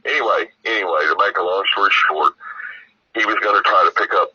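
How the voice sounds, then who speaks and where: A man's voice: low voice, quick pace, breathy edge, no echo, muffled recording. An American man telling a long story as an interview guest, rambling and profane with lots of "you know". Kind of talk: casual storytelling.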